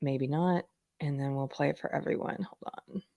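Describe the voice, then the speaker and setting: Low-voiced chatty woman hosting a live show. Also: steady tone, normal speed, creaky, no echo, muffled recording. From United States. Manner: chatty, laughs often, sly asides. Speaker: host. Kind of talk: live-stream talk show chat.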